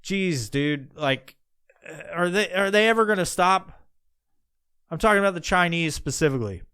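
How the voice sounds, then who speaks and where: A man's voice: high-pitched, expressive, moderate pace, bright, forceful tone, clean tone, dry recording, studio quality. Rambling, profane podcast man. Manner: rambling, profane, with many restarts. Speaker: podcast host. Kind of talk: casual rambling monologue.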